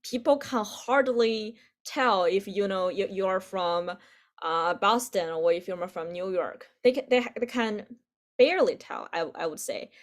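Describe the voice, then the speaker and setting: A Beijing-born woman speaks English while teaching beginners over a video call. Her voice sits at an ordinary middle pitch. She talks casually, laughs often and leans on "like" as a filler. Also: a little slow. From Beijing, China. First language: Mandarin Chinese. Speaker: Chinese teacher. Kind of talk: online language lesson.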